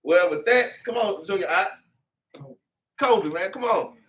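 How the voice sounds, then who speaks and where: A man's voice: high-pitched, lively intonation, a little slow, fairly bright tone, recorded from a distance. A man teaching an informal Bible class, preachy and repetitive, tagging his lines with "man" and "okay".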